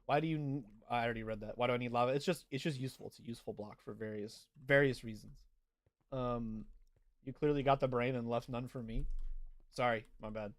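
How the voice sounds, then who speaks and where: A man's voice: medium pitch, fairly even intonation, brisk, dry recording, studio quality. A young man casually chatting through a game livestream, reading out and answering viewer chat as he plays. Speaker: streamer.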